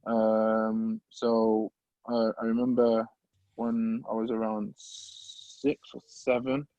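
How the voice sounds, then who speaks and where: A man, earnestly telling his life story as a podcast guest in a halting, open and emotional way. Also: fairly low pitch, monotone, mellow, dry recording, rough recording. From English Midlands. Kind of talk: personal life story in an interview.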